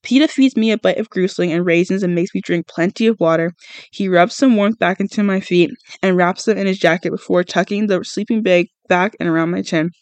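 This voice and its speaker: A man with a high voice reads a novel aloud for his podcast. The sound is dry and close. He stumbles and corrects himself often, with no polish. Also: brisk, clean tone, dry recording. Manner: unpolished reading with frequent stumbles and self-corrections. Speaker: podcast reader.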